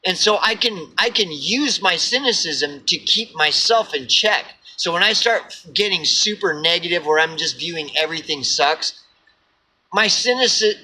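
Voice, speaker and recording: A man's voice: high-pitched, animated, measured pace, bright, forceful tone, a little hiss or hum, rough recording. A man from Oklahoma with an Oklahoma accent, giving a blunt, profane, preachy rant to camera and repeating himself for emphasis. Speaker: vlogger. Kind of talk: ranting monologue to camera.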